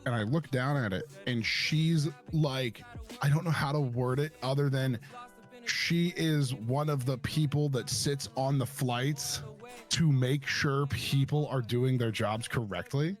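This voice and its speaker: A young man chats on a stream, telling a story in a mid-pitched voice. He rambles, repeats himself, and swears without a second thought. Soft music plays in the background. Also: measured pace. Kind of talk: casual storytelling chat.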